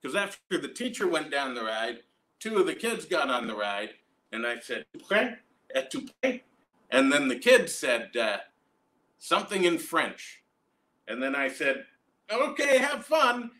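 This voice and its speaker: A young Canadian man runs a stand-up story with deadpan asides and a habit of tagging lines with "right?". His voice is bright and sits a little high. He tells it loosely, in a casual tone. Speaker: stand-up comedian. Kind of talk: stand-up set streamed from home.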